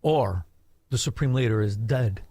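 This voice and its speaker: A male talk show host giving insulting, sarcastic commentary over news clips, dropping to mutters and bursting into loud rants. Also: mid-range voice, a little slow, slightly rough, dry recording, studio quality.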